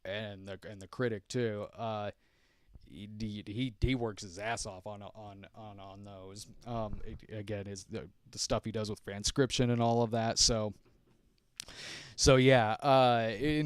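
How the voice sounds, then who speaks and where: A man's voice: on the low side, clean tone, dry recording, studio quality. A middle-aged man hosting a podcast, chatting casually through viewer questions, rambling and restarting his sentences. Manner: rambling, frequent restarts and fillers, chuckling. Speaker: podcast host. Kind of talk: casual live stream chat answering viewer questions.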